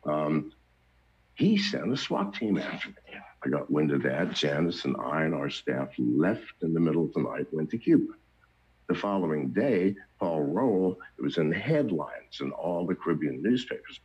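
A man's voice: a bass voice, big pitch swings, moderate pace, a little mellow, breathy edge. An older man telling his story in casual, blunt, profane talk, chuckling between anecdotes. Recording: dull lo-fi recording.

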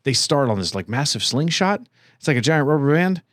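A man's voice: fairly high pitch, sing-song, brisk, no room sound, studio quality. A young man hosting a podcast, chatting casually and rambling with restarts and jokes. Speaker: podcast host. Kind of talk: casual chat.

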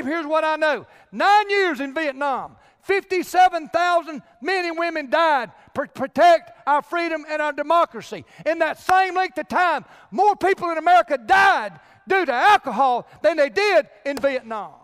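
A man's voice: very high-pitched, lively intonation, normal speed, hardly any pauses, fairly bright tone, in a large hall. A male pastor preaching a sermon with emphatic direct appeals to his congregation.

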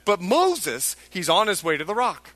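A man's voice: high voice, huge pitch swings, unhurried, sharp tone. A male pastor preaching a sermon with emphatic delivery, acting out biblical figures in quoted lines.

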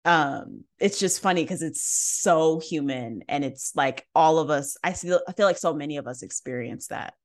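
Woman on a podcast, lowish voice, laughing a lot, animated storytelling. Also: normal speed, few pauses. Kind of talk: casual podcast conversation.

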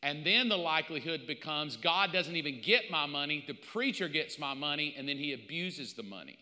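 Animated male pastor preaching in a hall. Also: on the high side, moderate pace. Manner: animated storytelling with mock quotes. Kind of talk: sermon.

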